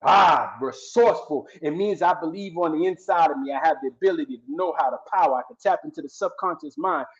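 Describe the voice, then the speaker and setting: A man delivers a motivational speech with the fervor of a preacher, hammering his points through repetition. His voice sits a little high for a man. The recording is dull and lo-fi. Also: quick pace, few pauses. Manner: fervent, preacher-like emphasis with repetition. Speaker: guest speaker. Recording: dull lo-fi sound.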